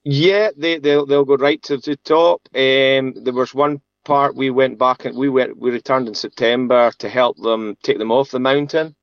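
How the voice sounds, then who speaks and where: A man's voice: medium pitch, fairly even intonation, clean tone, dry recording. Man, sheep farmer, rambling storyteller, laughs a lot, dry slightly dull sound. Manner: chatty, halting, laughs often, many restarts. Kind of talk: casual storytelling interview.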